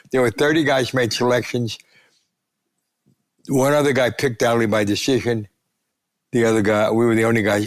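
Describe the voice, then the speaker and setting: Man in his nineties, gravelly voice, animated storyteller, acts out quoted voices. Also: medium pitch. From United States. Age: 90s. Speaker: guest sportswriter. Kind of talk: storytelling interview.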